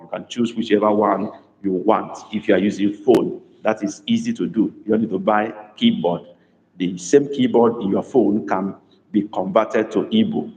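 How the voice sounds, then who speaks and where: A man teaching a live online language class, dictating phrases slowly and repeating them, praising students by name. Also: lowish voice, darkish tone, highs cut off. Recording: echoey room with long reverb.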